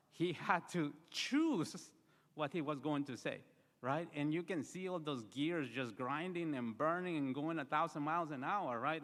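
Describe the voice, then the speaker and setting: A man's voice: fairly high pitch, fairly bright tone. A man giving an earnest, story-filled eulogy at a memorial service, with frequent fillers. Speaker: eulogy speaker. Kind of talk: memorial speech. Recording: reverberant hall.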